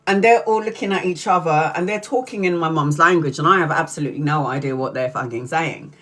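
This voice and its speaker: A middle-aged woman who streams as a tarot reader tells a story on a casual live stream, loose and profane, swearing constantly and laughing throughout. Her voice is low-pitched, brisk, and fairly bright.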